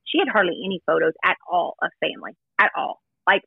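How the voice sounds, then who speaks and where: A woman's voice: on the low side, lively intonation, fast talker, vocal fry, slightly rough, dry recording. A woman guest chatting casually and emphatically, driving home her points as she recounts a story. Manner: emphatic, chatty, stresses points with "let me tell you". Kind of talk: casual gossip chat. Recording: tinny phone-line audio.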